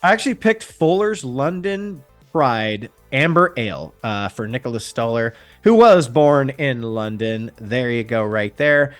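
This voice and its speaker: A man's voice: mid-range voice, expressive, unhurried, few pauses, soft background music. A man co-hosting a podcast in casual chat, rambling with frequent ums. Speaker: podcast co-host.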